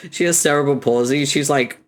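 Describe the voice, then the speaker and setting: A young man chatting casually on his stream, swearing freely and breaking into frequent laughter while telling stories. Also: measured pace. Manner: animated storytelling, laughter rising high in pitch.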